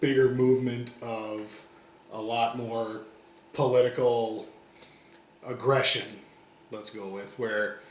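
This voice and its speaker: A laid-back man from the United States answers questions casually, trailing off at the ends of his thoughts. He speaks at a middle pitch. His voice echoes a little around the room. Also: level tone, slow pace, long pauses, slight background noise. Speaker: interview guest. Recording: roomy echo.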